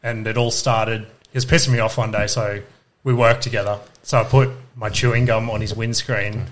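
A man's voice: lowish voice, flat delivery, normal speed, fairly bright tone. A young man telling a prank story in casual podcast chat, swearing and laughing as he goes.

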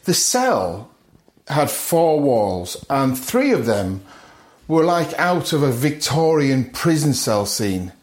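A man's voice: mid-range voice, sing-song, slow pace. A middle-aged man from the north of England, a podcast guest telling his story vividly, acting out other people's lines and chuckling often. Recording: roomy echo.

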